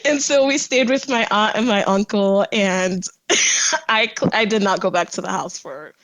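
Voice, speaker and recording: Animated young woman telling a story. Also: mid-range voice, moderate pace, no room sound, poor audio. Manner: animated, laughs often while telling. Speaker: podcast guest. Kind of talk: casual storytelling.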